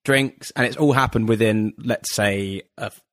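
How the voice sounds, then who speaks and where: A man's voice: on the low side, normal speed, fairly bright tone. A man co-hosting a casual chat, joking and laughing often. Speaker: podcast co-host.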